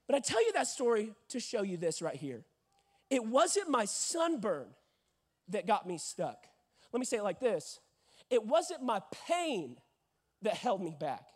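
A young man in his twenties preaching a sermon, telling a lively story and acting out voices, rising to shouts at the peaks. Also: high voice, a little slow, breathy edge. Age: 20s.

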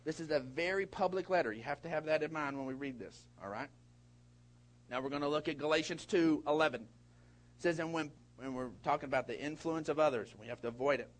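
A middle-aged man preaching a sermon in a folksy way, with big swings in pitch and loudness and many repeated words. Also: fairly quick. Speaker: pastor.

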